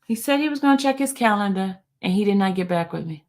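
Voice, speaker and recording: A woman in her fifties hosting a live stream, telling a story in a casual, animated way and talking straight to her viewers. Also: medium pitch, fast. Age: 50s. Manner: animated, laughing, addresses viewers as y'all. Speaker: channel host.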